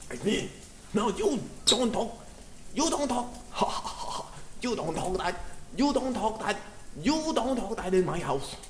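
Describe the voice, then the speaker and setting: A man's voice: high voice, big pitch swings, slow pace, noisy background, heavily acted. An actor playing a stern, bossy immigrant father who barks short commands in broken English with a Korean accent. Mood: scolding. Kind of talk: comedy sketch acting. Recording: echoey room with loud music.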